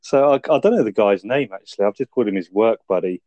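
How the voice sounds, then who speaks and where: A man's voice: lowish voice, lively intonation, quick pace, no room sound, muffled recording. A man casually retelling film scenes on a review podcast, swearing freely and laughing as he goes. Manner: laid-back, swears a lot, laughs while retelling scenes. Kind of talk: casual chat, recapping a film.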